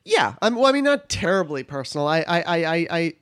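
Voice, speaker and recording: A man's voice: fairly high pitch, very animated, brisk, a bit bright. A man co-hosting a podcast, laughing often and asking questions with hesitant restarts. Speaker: podcast co-host. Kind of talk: casual chat.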